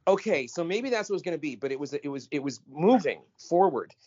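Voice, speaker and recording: Animated man with a lively voice. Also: on the high side. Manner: animated, emphatic, quick to interrupt. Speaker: podcast co-host. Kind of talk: casual chat. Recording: slightly dull lo-fi audio.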